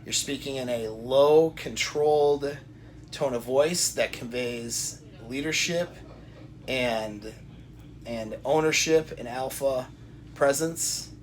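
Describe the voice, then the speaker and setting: A man of middle pitch talks straight to the listener in a coaching monologue. He is deliberate, circles back and repeats his points, and restarts his sentences often. A faint hiss sits under the recording. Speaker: self-help coach. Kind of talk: direct-to-camera advice talk.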